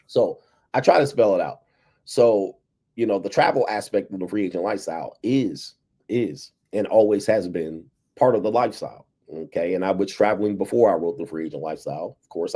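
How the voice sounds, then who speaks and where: An American man talks casually to his livestream audience, his low voice dark and mellow. He drops "all right" between nearly every phrase and chuckles to himself as he goes. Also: breathy edge. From United States. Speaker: livestream host. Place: abroad, indoors.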